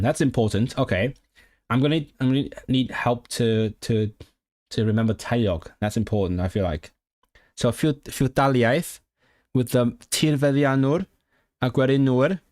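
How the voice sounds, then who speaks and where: A man's voice: mid-range voice, a little mellow. A man on a casual livestream, thinking aloud as he studies and sounds out and repeats new words. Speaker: language-learning streamer. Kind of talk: casual livestream study session.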